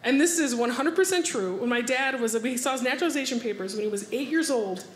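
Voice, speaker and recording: On a club stage, a comedian from the United States runs through her stand-up set, acting out voices and cracking up at her own material. She talks fast in a voice on the high side, and the roomy space carries the audience's laughter.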